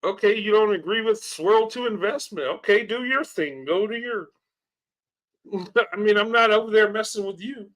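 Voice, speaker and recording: Reacting to clips on his channel, this male host speaks in a high, fairly bright voice at normal speed. He is earnest and heartfelt, laughing frequently and saying things more than once.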